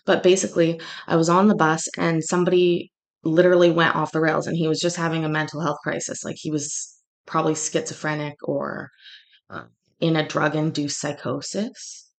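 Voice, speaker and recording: A woman's voice: low-pitched, level tone, normal speed, creaky. A woman from Canada with a daughter, telling a rambling story in casual chat, full of restarts and fillers. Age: adult, has a daughter. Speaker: livestream host.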